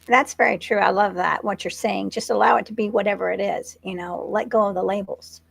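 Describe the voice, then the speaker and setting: A woman hosting an interview, speaking in a gently affirming, unhurried way. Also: medium pitch, steady tone, creaky, husky, no room sound. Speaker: host.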